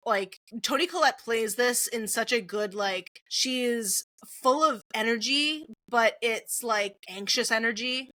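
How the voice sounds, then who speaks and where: A young woman co-hosting a podcast, casually recapping a horror film scene by scene, animated and acting out the characters' lines. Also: on the high side, dry recording. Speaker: podcast co-host.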